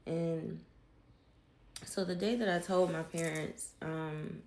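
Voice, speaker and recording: A woman speaks candidly about her past and swears freely. Her voice sits on the low side and carries a gravelly fry. The room adds a noticeable echo. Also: fairly even intonation, slow, darkish tone, slight background noise. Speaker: vlogger telling her life story. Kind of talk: casual storytelling.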